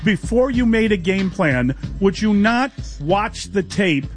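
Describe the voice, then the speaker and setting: A man's voice: high-pitched, animated, slow pace, faint music behind. A man co-hosting sports talk radio, blunt and skeptical, pushing back on his partner.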